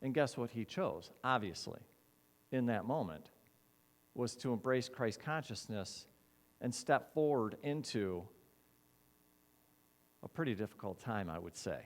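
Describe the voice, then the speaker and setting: A man preaching a sermon as a minister, animated, acting out quoted voices and repeating key words. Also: mid-range voice, unhurried, pauses often.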